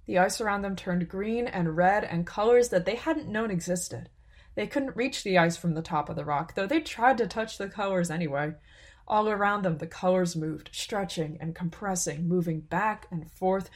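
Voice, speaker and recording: A woman narrating a story in a calm, unhurried, even way. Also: lowish voice. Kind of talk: scripted narration.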